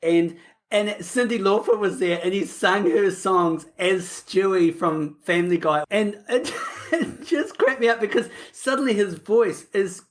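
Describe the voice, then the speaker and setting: Kiwi woman rambling on a podcast, laughs a lot, middle pitch. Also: a little slow. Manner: chatty, laughs often, says "like" a lot. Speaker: podcast co-host. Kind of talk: casual chat.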